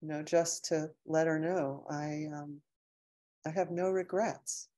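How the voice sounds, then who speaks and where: A woman's voice: low voice, steady tone, slow pace, mellow. A middle-aged woman lecturer on a video call, reading audience comments aloud and answering them in a heartfelt, emotional way. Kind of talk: warm closing of an online lecture, reading chat comments.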